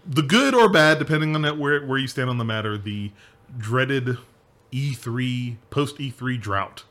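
A man's voice: mid-range voice, expressive, a little slow, a bit bright. A man hosting a casual gaming podcast, rambling with restarts and laughing often. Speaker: podcast host.

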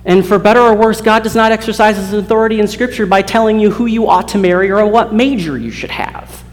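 A man's voice: sits high, fairly even intonation, brisk, big-room sound. A man preaching a sermon to students, earnest, often restarting his phrases and acting out the voices he quotes. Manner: earnest, many repeated starts, acts out quoted voices. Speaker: campus preacher. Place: college hall.

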